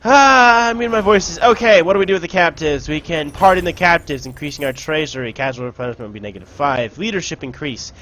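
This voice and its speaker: A man giving casual let's play commentary on a strategy game, shouting orders and taunting enemies now and then. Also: on the high side, quick pace, hardly any pauses, a little hiss or hum. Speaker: gameplay commentator.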